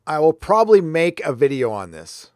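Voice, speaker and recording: A man's voice: a little high, very animated, moderate pace, smooth, dry recording. Ranting American man on a livestream. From United States. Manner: blunt, ranting, swears freely. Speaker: livestream host. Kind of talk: casual commentary livestream. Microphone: headphones on while talking into a desk mic.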